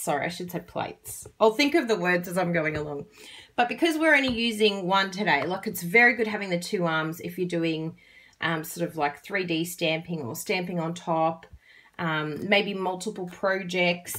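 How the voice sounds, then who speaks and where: A woman's voice: on the low side, a bit bright. A woman with an Australian accent giving a chatty, casual card-making tutorial, laughing often.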